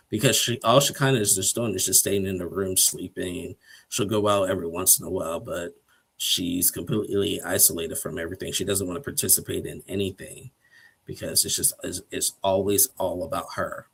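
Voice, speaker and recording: A man's voice: deep voice, fairly even intonation, normal speed, vocal fry, fairly bright tone, slightly rough. A man giving a casual, rambling recap of a TV episode, chuckling often and acting out quotes.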